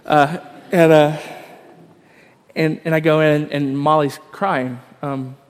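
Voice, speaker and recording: A man preaching a sermon, telling stories in a relaxed, self-deprecating way with plenty of ums and uhs. His voice sits a little high for a man. The sound carries a long reverb from a large church hall. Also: slow, clear, resonant tone. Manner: conversational, self-deprecating storytelling with many fillers. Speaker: pastor.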